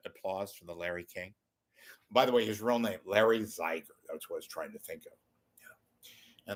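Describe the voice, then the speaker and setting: A man hosting his own show, rambling casually and profanely with wisecracks. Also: lowish voice. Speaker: show host. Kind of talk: casual livestream monologue.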